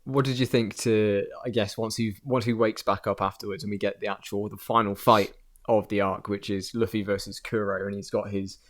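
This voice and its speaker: A man's voice: on the low side, level tone. Man chiming in on a manga chat. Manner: chiming in with short remarks and quick jokes. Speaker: podcast co-host. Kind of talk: casual chat about manga.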